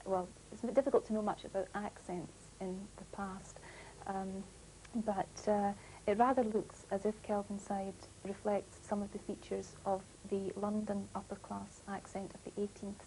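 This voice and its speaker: A woman's voice: medium pitch, little pitch movement, measured pace, warm tone, slight background noise, low-quality recording. A woman scholar explaining a point in an interview, thoughtful and hesitant, with many fillers. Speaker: language scholar.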